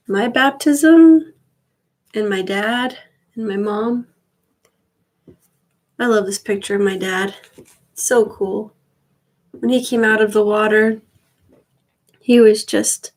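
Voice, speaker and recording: A woman's voice: medium pitch, slow, pauses often, darkish tone, rough recording. A woman in her thirties chatting casually on a live stream, rambling with wry asides. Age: 30s. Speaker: vlogger.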